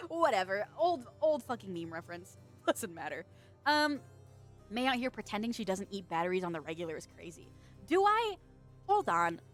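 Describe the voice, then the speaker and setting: A woman's voice: mid-range voice, very animated, normal speed, long pauses, a bit bright, soft background music. A woman chatting casually on a live stream, reading chat, laughing often, swearing and teasing, with a stuffy nose, close to a desk microphone.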